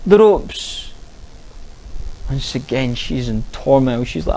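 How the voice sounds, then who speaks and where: A man's voice: medium pitch, expressive, slow pace, vocal fry, long pauses, mellow, poor audio. A man preaching a sermon, earnest and full of rhetorical questions.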